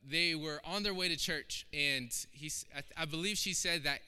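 Man, preacher, sermon, impassioned, emphatic, smooth resonant voice, reverberant sanctuary. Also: fairly high pitch, normal speed, sharp tone. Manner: emphatic and impassioned, with repeated phrases. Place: church sanctuary. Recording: long hall reverb.

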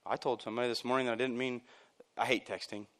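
A man preaching a sermon at a church service, emphatic and casual, jumping from loud bursts down to near-quiet lines and dropping in chuckling asides. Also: mid-range voice, fairly even intonation, fast. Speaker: pastor.

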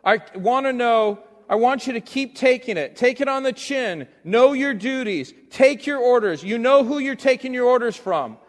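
A male pastor giving a conversational sermon, moving between hushed talk and loud emphasis. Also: extremely high pitch, lively intonation, moderate pace, hardly any pauses, in a large hall.

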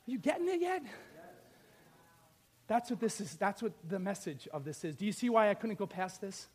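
Male pastor, sermon, very high pitch, animated, rhetorical questions, loud-soft swings. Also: normal speed, breathy edge.

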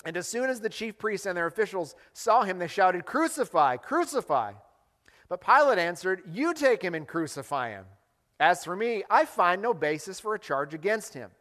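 Male pastor, high-pitched, animated preaching, echoing church hall. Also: normal speed. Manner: animated, acts out quoted lines. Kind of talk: sermon.

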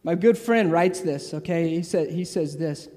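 A man preaching a sermon in a lively, casual way, acting out the voices of the people he talks about. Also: on the high side, moderate pace, long reverb tail. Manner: lively, acts out crowd voices, casual asides.

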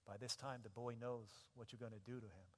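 A male pastor delivers his sermon as a gripping story, his voice sitting at an ordinary middle pitch. He moves between quiet, intimate narration and loud, impassioned cries. The sound rings out through a large hall with a long reverb tail. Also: steady tone, fairly quick. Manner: dramatic storytelling, builds to loud impassioned shouting.

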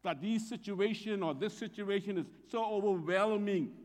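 A man's voice: high voice, normal speed, a little mellow, big-room sound. A man preaching a sermon as pastor, reading scripture aloud with emphatic rises on the quoted lines.

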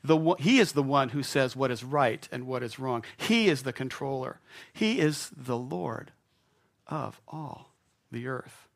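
Male pastor, mid pitch, gravelly, casual playful sermon to a church. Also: animated, a little slow. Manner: conversational and playful, acting out doubting voices. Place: church sanctuary.

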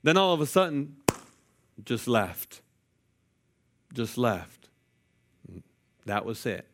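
Animated male preacher with joking asides. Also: mid-range voice, slow. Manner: lively, jokey asides to the congregation. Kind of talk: sermon with personal storytelling. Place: church sanctuary.

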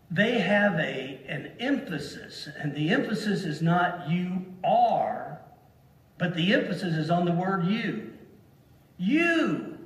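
A man preaching a sermon to a congregation, slow and deliberate, leaning hard on single words to stress them. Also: sits high. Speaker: pastor. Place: church sanctuary. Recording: echoey hall from far off.

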